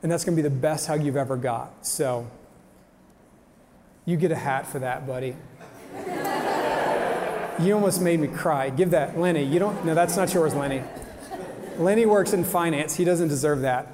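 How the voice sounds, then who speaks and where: A man's voice: on the high side, normal speed, long pauses, heavy background noise. A young adult man giving an upbeat, joking motivational talk to a live audience, talking straight to the crowd. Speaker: motivational speaker. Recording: long hall reverb.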